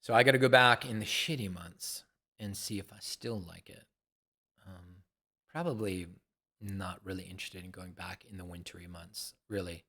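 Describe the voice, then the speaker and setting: A man's voice: sits low, moderate pace, sharp tone. An older man talking to camera in a casual, rambling monologue, hesitant and musing, often repeating himself. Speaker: gaming vlogger.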